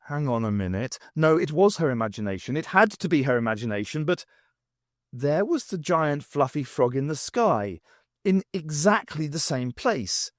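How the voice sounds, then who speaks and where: Expressive male audiobook reader, dry sound. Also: a little high, normal speed, dry recording. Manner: expressive, wry, animated. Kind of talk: unabridged novel reading.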